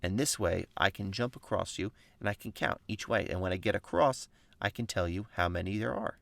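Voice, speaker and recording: A man's voice: on the low side, fairly quick, gravelly, a bit bright, no echo. A man voicing a boastful trickster white hare in a casually told myth, speaking in a cocky, mocking way.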